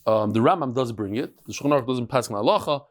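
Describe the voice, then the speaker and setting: A middle-aged man teaching a lively Talmud lesson to a live audience, mixing Hebrew and Yiddish terms and joking with listeners. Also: medium pitch, quick pace. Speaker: rabbi teaching a daily Talmud class. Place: study hall with a live audience.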